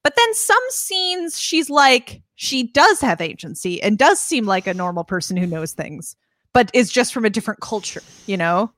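Woman podcast co-host, lively higher voice, dry close sound, casual film chat. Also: normal speed, dry recording. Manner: animated, acts out scenes in voices. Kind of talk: casual movie discussion.

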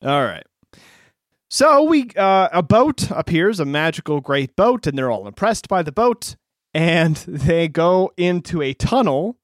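A man's voice: fairly high pitch, very animated, a little slow, dry recording, clean studio sound. A young adult man co-hosting a podcast, chatty and laughing often in casual talk. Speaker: podcast co-host. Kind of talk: casual chat.

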